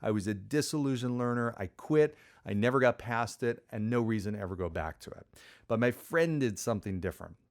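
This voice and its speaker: A man's voice: medium pitch, animated, brisk. A middle-aged man hosting a podcast, telling a personal story in a conversational way with lots of fillers and acted-out quotes. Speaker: podcast host.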